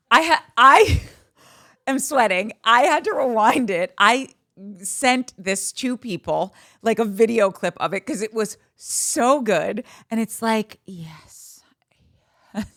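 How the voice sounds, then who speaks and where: A woman's voice: a little high, slow pace, fairly bright tone, no room sound, clean studio sound. A woman in her thirties hosting a podcast in casual chat, candid, bawdy and gushing as she talks. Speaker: podcast host.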